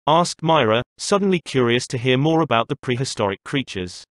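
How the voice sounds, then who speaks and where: A man narrating a fantasy novel in a steady storytelling manner. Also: mid-range voice, brisk, few pauses, no room sound, studio quality. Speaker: audiobook narrator.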